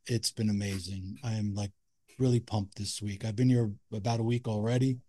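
A man's voice: on the low side, steady tone, normal speed, dark tone. A man co-hosting a casual podcast chat from a cigar factory, talking in an upbeat, enthusiastic way. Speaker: podcast co-host.

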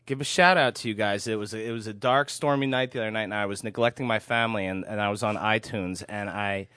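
A man's voice: lowish voice, fairly even intonation, fast talker, bright, forceful tone, clean tone, no room sound. A man guest on a podcast, joking and rambling in casual chat. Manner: joking, self-deprecating, rambling. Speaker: guest music critic.

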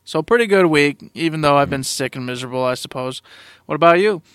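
A man's voice: fairly high pitch, animated, fast talker, fairly bright tone, smooth, no echo. Nasal, stuffed-up man on a podcast. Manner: rambling, self-mocking storyteller. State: sick with a plugged nose. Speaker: podcast co-host. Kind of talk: casual chat.

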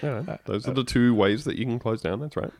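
A man co-hosting a podcast, sardonic and crude, with quick joking interjections. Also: mid-range voice, a little mellow, no room sound, studio quality. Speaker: podcast co-host. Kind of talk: casual podcast chat.

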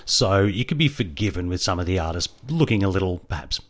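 An easygoing Australian man co-hosting a chat show. He has a fairly low voice and a measured, unhurried delivery as he sums things up. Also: animated. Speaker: podcast co-host. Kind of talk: casual chat.

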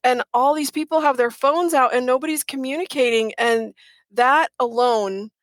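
A middle-aged woman talks as an interview guest, earnest and emphatic, leaning on repeated words to drive a point home. Her voice sits a little high, and the recording is dry and close. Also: moderate pace, dry recording. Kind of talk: casual interview chat.

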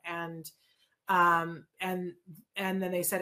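A middle-aged woman, a guest in an interview, telling a personal story in a lively way, acting out what people said and restarting her sentences. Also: medium pitch, moderate pace. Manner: lively retelling with quoted dialogue and restarts.

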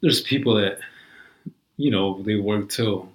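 A man chats casually in a low-pitched voice, swearing constantly and wandering from point to point with filler words. The sound is roomy and echoey. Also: measured pace. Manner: profane, rambling, lots of "like" and "you know". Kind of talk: casual chat.

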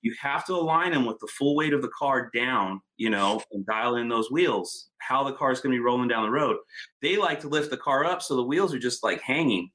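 A man telling car stories in casual, profane, animated chat. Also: mid-range voice, a little fast.

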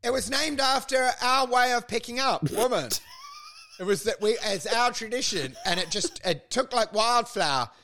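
High-voiced man riffing comedically. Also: animated, moderate pace, pushed and bright. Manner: riffing, acts out mock dialogue in silly voices. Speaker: podcast co-host. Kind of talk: casual comedic banter.

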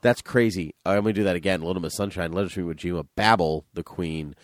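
A man hosting a casual podcast chat, playful and teasing, quick with a joke. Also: low-pitched, no room sound. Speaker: podcast host.

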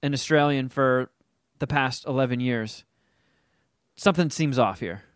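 A man co-hosting a casual podcast, making wry, deadpan asides. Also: mid-range voice, a little slow, clear, resonant tone, no room sound, clean studio sound. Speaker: podcast co-host.

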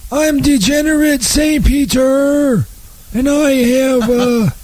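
A man's voice: extremely high pitch, fairly even intonation, takes it slowly, darkish tone, dry recording. A man playing a shabby, self-pitying Saint Peter in a spoof television ad. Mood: sheepish. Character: shabby adult male Saint Peter with only cable.

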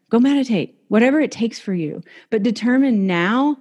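A woman's voice: on the high side, animated, moderate pace, darkish tone. Upbeat woman giving a pep talk. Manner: enthusiastic, encouraging, casual with mild swearing. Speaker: life coach and show host. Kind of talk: motivational self-help talk.

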